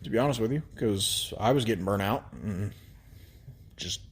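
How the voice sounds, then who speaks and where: Easygoing low-voiced man chatting. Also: husky. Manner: easygoing, halting, with many fillers and restarts. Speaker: podcast co-host. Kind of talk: casual chat.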